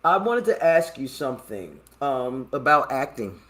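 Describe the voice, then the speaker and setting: A woman's voice: a bass voice, very animated, unhurried. A woman hosting a casual interview show, asking eager questions in a scattered, easygoing way and laughing often. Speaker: talk show host.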